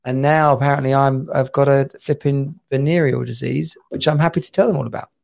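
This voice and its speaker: A podcast co-host from England, a man in his forties, tells stories animatedly during a casual chat and laughs often. His mid-range voice is creaky and fairly quick.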